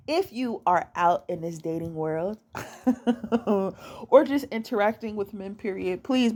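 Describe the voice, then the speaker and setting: A lowish-voiced young woman sits at home and talks through dating advice in a relaxed monologue. She swears freely, doesn't soften anything, and says things more than once so they stick.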